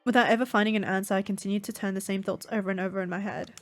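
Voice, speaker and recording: A woman's voice: medium pitch, fairly even intonation, rapid-fire, no room sound, faint music behind. A slightly sick woman streamer reading game dialogue aloud dramatically, with casual asides. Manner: reads lines dramatically, breaks off into casual asides with laughs. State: a little sick, stuffy. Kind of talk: game playthrough with voiced reading.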